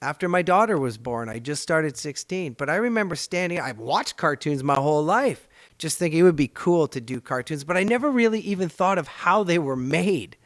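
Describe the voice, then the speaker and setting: A middle-aged man from Canada, a voice actor hosting his show, telling stories in an animated, rambling, chatty way. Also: a little high, a little fast, dry recording, studio quality. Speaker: podcast host and voice actor. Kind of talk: casual storytelling chat.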